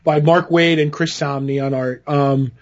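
A man co-hosting a podcast, talking casually and eagerly, halting with restarts. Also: fairly high pitch, fairly even intonation. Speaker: podcast co-host. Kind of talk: casual chat. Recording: dull lo-fi podcast audio.

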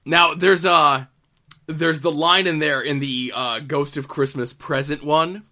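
A man's voice: fairly high pitch, fairly even intonation, unhurried, sharp tone. A man co-hosting a casual chat, wry and skeptical in a dry way. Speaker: podcast co-host.

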